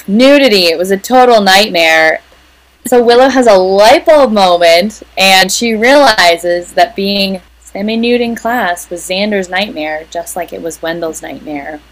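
A woman's voice: medium pitch, slow pace, rough recording. A woman co-hosting a podcast, casually recapping the plot of an episode scene by scene. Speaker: podcast co-host. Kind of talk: casual chat.

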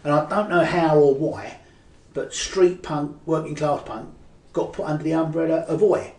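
An older Cockney man with a slightly high voice chats as an interview guest, rambling through his stories with restarts and fillers. He sits back from the mic in an echoey room. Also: normal speed, darkish tone, far from the mic. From East End of London. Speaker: guest poet. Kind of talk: casual interview chat.

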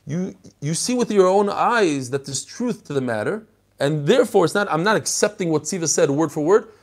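A man's voice: on the high side, animated, moderate pace. A man teaching a text study lesson, explaining passages and animatedly acting out the story.

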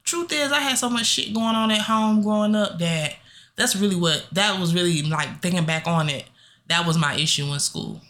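Blunt, bright-voiced young woman. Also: normal speed. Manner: blunt, profane and animated, with sudden pitch jumps. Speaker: podcast co-host. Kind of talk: casual chat.

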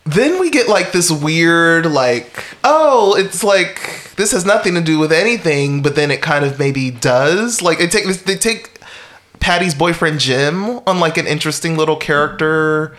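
Unhurried and on the high side, this man's fairly bright voice has lively intonation. He co-hosts a podcast, recapping a film's plot in a rambling, wry, casual way, chuckling and using fillers often.

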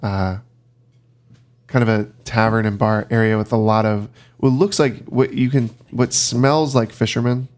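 A man running a tabletop game as game master, narrating in a relaxed, hesitant way with many fillers. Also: fairly low pitch, a little slow.

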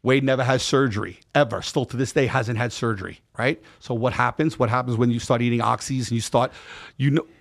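A man's voice: medium pitch, brisk, creaky. A man, a podcast guest, telling a story in casual talk. He swears freely and acts out the dialogue of the people in it. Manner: profane, animated, acts out quoted dialogue.

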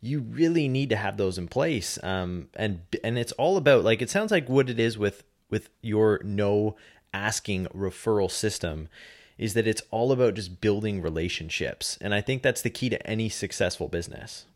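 Chatty male podcast host with a lowish voice. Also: animated, moderate pace. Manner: chatty and self-deprecating, with frequent fillers. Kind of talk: casual podcast chat.

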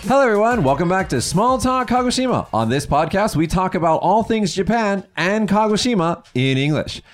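A man hosting a podcast in a casual, chatty way, often pausing with fillers and restarting his sentences. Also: high-pitched, very animated, soft background music. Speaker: podcast host.

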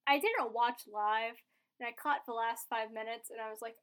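A woman's voice: fairly high pitch, fairly even intonation, normal speed, fairly bright tone. A woman chatting casually as she recaps a soap opera episode, rambling and filling her talk with "like".

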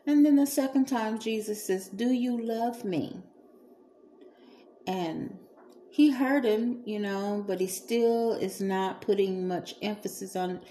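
Woman, sermon, slow and earnest, mellow voice, faint background noise. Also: mid-range voice. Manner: slow, earnest, with soft pauses and fillers. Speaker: preacher.

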